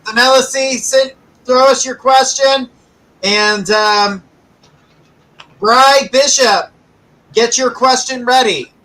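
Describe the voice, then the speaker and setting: A man with a high, bright voice hosts a live psychic stream. He calls viewers by name and moves the show along in an upbeat way. His tone stays casual. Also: steady tone, slow pace, pauses often, poor audio. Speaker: psychic host.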